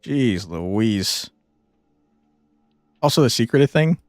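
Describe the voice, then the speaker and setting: Animated male streamer, exasperated. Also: mid-range voice, slow, no echo, faint music behind. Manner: exasperated, swearing, laughing often. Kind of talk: casual gameplay commentary.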